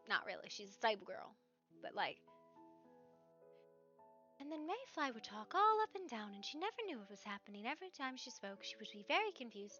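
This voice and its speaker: Bright rambling woman streamer. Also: on the high side. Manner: rambling, animated, asks "right?" often. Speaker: roleplay streamer. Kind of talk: casual stream chat. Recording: slightly dull stream mic with faint music.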